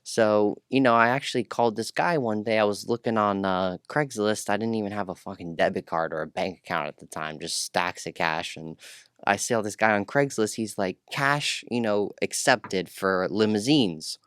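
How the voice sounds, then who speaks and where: A man telling his life story in a casual interview, profane and rambling, animated and full of restarts. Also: lowish voice, a little fast, clean tone, dry recording, clean studio sound. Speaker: podcast guest.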